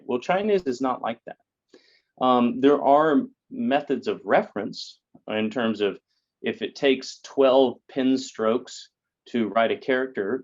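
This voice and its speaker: A man's voice: medium pitch, darkish tone, highs cut off. A man, a guest in an interview, explaining things in a lecturing way with many fillers and tag questions. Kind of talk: explanatory conversation.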